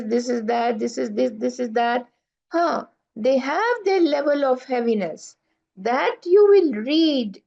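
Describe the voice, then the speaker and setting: A woman's voice: fairly high pitch, vocal fry. A woman teaching an online class, explaining patiently and asking her students rhetorical questions. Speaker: tajweed teacher. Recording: dull lo-fi online class audio.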